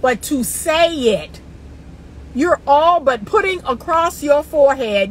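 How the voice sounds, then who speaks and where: A woman's voice: sits high, lively intonation, slow, slight background noise, rough recording. A woman relationship coach talking straight to her viewers in a casual, emphatic way, laughing often, recorded in a car. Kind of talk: casual advice monologue.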